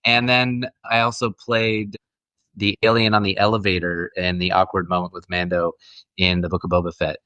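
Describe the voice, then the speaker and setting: A man's voice: low voice, flat delivery, normal speed, bright, forceful tone, no room sound. A middle-aged man, an actor guest, telling stories in a friendly, casual interview chat with frequent restarts.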